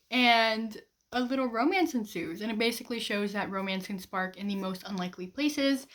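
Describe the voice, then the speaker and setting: A young woman vlogging to camera about her reading plans, bubbly and gushing, with a run-on, chatty way of talking. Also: fairly high pitch. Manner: bubbly, gushing, fast-running sentences with many "like"s. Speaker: book vlogger. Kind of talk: casual chat to camera.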